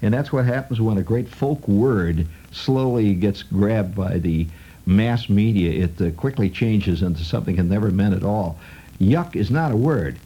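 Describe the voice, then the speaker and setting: Low husky-voiced radio raconteur. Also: male voice, expressive, normal speed, highs cut off. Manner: wry, digressive, sardonic. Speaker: radio host. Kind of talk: rambling radio monologue.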